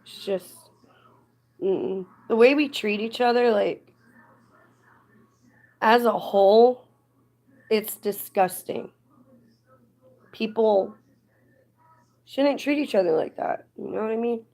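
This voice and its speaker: A woman's voice: a little high, slow pace, gravelly, pauses often, darkish tone. A woman chatting casually on a live stream, rambling and getting indignant at times. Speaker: livestreamer.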